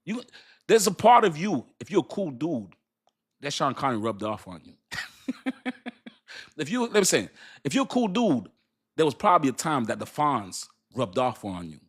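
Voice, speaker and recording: A man's voice: a little high, big pitch swings, normal speed, long pauses, a bit bright, breathy edge. An older man hosting a crypto channel in casual chat, playful and folksy, laughing often between lines.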